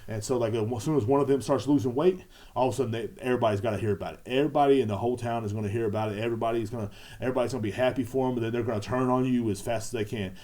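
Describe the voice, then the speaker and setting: A man's voice: mid-range voice, very fast, darkish tone. A man hosting a podcast, rambling casually with lots of profanity and repetition. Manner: profane, repetitive, laid-back. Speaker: podcast host.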